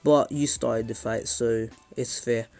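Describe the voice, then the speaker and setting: A man voicing a young male ninja hero who is cold and defiant, speaking low, quiet and flat in a fan-made story. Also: slow pace, faint music behind.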